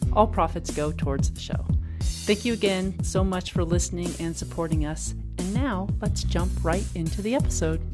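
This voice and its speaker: Woman reading a podcast intro over loud music. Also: on the low side, normal speed. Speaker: podcast host. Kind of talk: scripted show intro.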